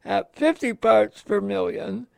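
Slow gravelly man explaining at length. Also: high voice, darkish tone, no room sound. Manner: slow, rambling, halting explanations. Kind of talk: casual radio chat.

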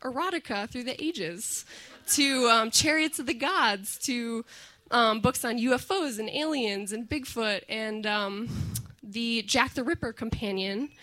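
Bright, lively woman telling a story. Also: fairly high pitch, unhurried. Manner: animated, acts out quoted voices. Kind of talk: personal storytelling to an audience.

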